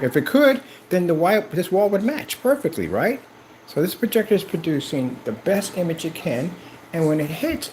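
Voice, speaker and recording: Animated man pitching a product. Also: slight background noise, poor audio. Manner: animated, preachy, talks straight to viewers. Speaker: product seller and presenter. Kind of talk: excited product demo vlog. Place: indoor room with projector and screen.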